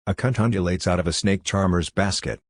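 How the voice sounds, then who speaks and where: A man with a very low, deep voice reads prose aloud in an even, unhurried way. The sound is dry and close, with no room echo at all. He keeps a steady literary reading pace throughout. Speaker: reader.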